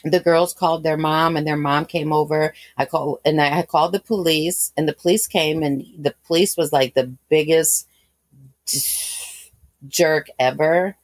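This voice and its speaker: This guest is a woman in her thirties whose voice sits very low; she recounts a painful personal experience in a long, frank, meandering way, full of fillers and restarts. Her intonation is fairly even and her pace moderate, and the close, dry recording carries no room sound.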